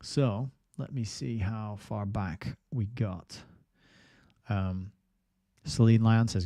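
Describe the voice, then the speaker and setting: A man's voice: lowish voice, slow pace, dark tone, no echo, studio quality. A man hosting a book review livestream, rambling casually and reading viewer comments aloud. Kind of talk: casual live-stream chat.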